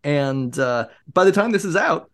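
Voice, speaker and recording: A man co-hosts a podcast in easygoing chat, his voice swinging widely in pitch as he jokes around. He talks in an animated way and laughs often. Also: measured pace. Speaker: podcast co-host. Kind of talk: casual chat.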